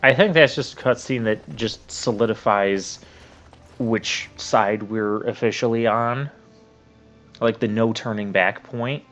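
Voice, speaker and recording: A man hosting a let's play, giving casual, rambling commentary with drawn-out asides. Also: medium pitch, a bit bright, muffled recording, faint music behind. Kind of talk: gameplay commentary.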